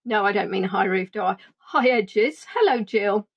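A woman's voice: mid-range voice, animated, normal speed, breathy edge, lo-fi sound. A woman chatting casually as a livestream tour guide, greeting viewers by name and joking about herself. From England. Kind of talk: casual live chat with viewers.

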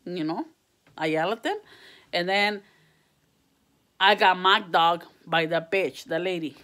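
A woman's voice: fairly low pitch, takes it slowly, fairly bright tone. A woman venting to camera in a casual vlog, swearing and switching between English and mid-sentence, exasperated and heated. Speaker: vlogger.

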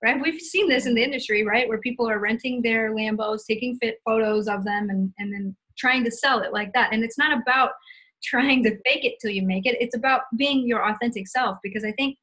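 Husky, upbeat woman co-host. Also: fairly high pitch, fairly quick, a bit bright, poor audio. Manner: upbeat, recaps points with fillers. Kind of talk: casual live-stream teaching.

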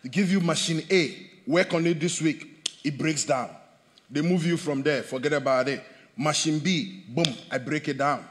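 A man preaching a sermon as pastor, animated, swinging between loud bursts and hushed asides. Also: on the high side, normal speed, big-room sound. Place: church hall.

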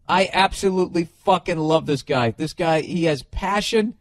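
A man's voice: a little high, normal speed, hardly any pauses, no room sound. A middle-aged man hosting a podcast, telling stories and ranting casually with lots of swearing and loose restarts. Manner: profane, animated, loose storytelling. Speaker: podcast host.

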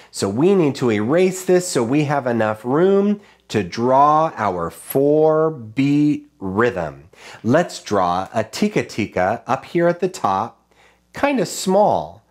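A man's voice: medium pitch, very animated, slow pace, a little mellow. A man teaching a children's music lesson, patiently chanting rhythm syllables and talking them through drawing rhythms.

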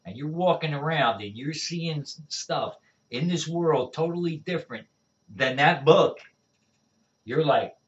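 Man with a higher voice giving an animated faith testimony; sounds far off the mic, dull and lo-fi. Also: unhurried. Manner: animated storyteller, repeats "all right?". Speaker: evangelist guest. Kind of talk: conversational testimony.

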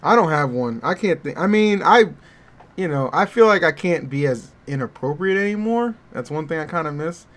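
A man's voice: fairly high pitch, expressive, normal speed, a bit bright. A man co-hosting a casual gaming podcast, talking defensively and insistently, punctuating his points with "okay". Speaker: podcast co-host, commentator. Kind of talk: casual chat.

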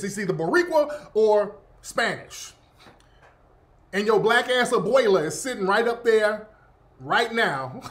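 A man's voice: high voice, a bit bright. A man hosting a radio show, mocking and ranting sarcastically, profane and cutting. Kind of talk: commentary on a played clip.

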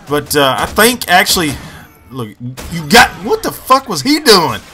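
A young man giving crude, excitable gameplay commentary, swinging between yelling and muttering. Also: high voice, moderate pace, faint music behind.

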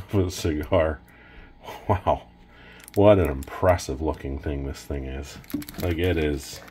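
Deep-voiced Canadian man raving about cigars. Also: darkish tone, slight background noise. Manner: enthusiastic, rambling with fillers. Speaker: cigar reviewer. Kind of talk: casual unboxing vlog.

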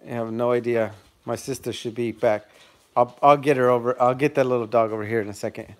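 A man's voice: mid-range voice, fairly even intonation, fairly quick. A man chatting casually on a live stream from his phone, calling to his dogs and laughing with viewers.

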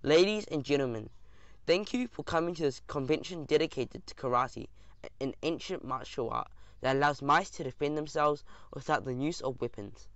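A man voicing a brash, bossy male mouse karate champion in an audiobook, speaking in a brisk, commanding way. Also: on the high side, a bit bright, dry recording, lo-fi sound. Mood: formal.

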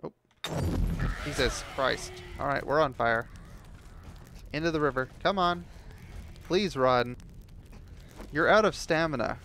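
Gravelly man ranting over gameplay. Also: a little high, slow, long pauses, a bit bright, a little hiss or hum. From United States. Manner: frustrated ranting, heavy swearing. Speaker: gameplay commentator. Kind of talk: casual gameplay commentary.

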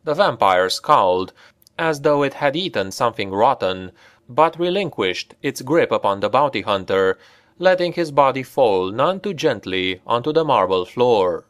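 A man narrating a dark fantasy audiobook in a slow, deliberate and dramatic way. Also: mid-range voice, animated, no room sound, studio quality.

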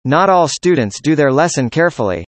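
Scripted practice dialogue, speaker, mid pitch, even question-and-answer reading, dry recording. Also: fairly quick, no echo. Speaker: dialogue reader.

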